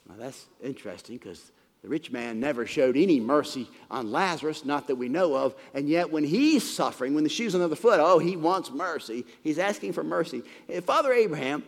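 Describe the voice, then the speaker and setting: Lively preacher in a reverberant hall. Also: male voice, fairly high pitch, a little fast, creaky. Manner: expository retelling with frequent stumbling word repeats. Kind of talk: sermon.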